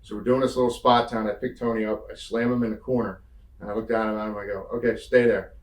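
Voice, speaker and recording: Animated man telling wrestling stories. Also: lowish voice, quick pace, distant mic. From Northeast United States. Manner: animated storyteller, acts out quotes, swears freely. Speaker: wrestling interview guest. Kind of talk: casual storytelling interview. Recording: roomy sound from off-mic.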